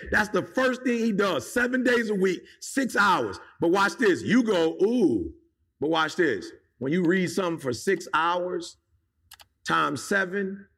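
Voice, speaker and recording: A man's voice: fairly high pitch, creaky, a bit bright, slightly rough. A man giving a motivational talk in an emphatic, casual, slangy way, firing off rhetorical questions at his listeners. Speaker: motivational speaker.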